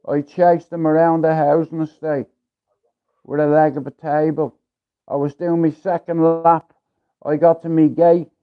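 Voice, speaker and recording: A man from Ireland telling a rough story on his livestream, blunt and full of swearing, in a casual streetwise way. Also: on the high side, little pitch movement, a little slow. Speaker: livestream host. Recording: tinny phone-like livestream audio.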